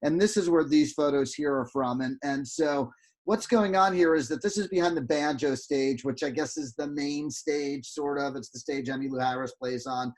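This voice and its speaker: A man's voice: medium pitch, normal speed. A man, a guest photographer, telling a rambling story with fillers and restarts on a video call. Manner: animated, lots of restarts and fillers.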